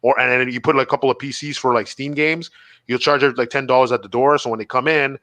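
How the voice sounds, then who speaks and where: A man rattles off rambling stories at a rapid clip, full of swearing. His voice is bright and forward. The sound is dry and close, with no room echo. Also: medium pitch, fairly even intonation. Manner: rambling storyteller, swears a lot, laughs through stories. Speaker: podcast co-host. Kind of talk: casual comedy podcast chat. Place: Montreal.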